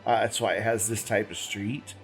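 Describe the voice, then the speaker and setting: Over faint background music, a man with a fairly low, fairly flat voice talks at normal speed. He hosts a gaming channel and gives casual let's-play commentary as he plays, thinking aloud, rambling, correcting himself, hiccups and all.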